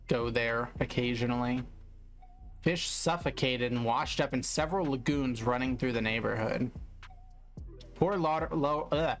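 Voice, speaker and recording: A man's voice: medium pitch, fairly bright tone. A man casually commenting on fishing news during a live stream, with offhand, wry reactions and mild swearing.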